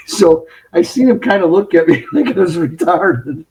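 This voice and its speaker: Animated man telling stories. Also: on the high side, unhurried, rough recording. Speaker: podcast guest. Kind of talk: casual storytelling. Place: home closet.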